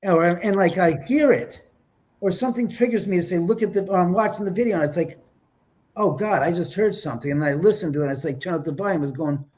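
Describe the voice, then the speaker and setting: A man telling paranormal stories in an interview, lively and acting out the voices he quotes. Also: sits high, fast talker. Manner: lively, acts out quotes with whispers and exclamations. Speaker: paranormal investigator guest. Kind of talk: animated storytelling in an interview.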